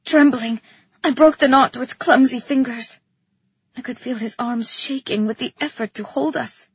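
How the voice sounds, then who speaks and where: A woman's voice: high voice, normal speed, slightly rough, no echo, muffled recording. A woman narrating a first-person fantasy story expressively, as in an audiobook.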